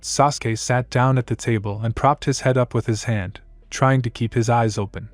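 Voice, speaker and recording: A man reading a fan-fiction story aloud in a plain, steady narrating voice. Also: medium pitch, normal speed, no echo, faint music behind.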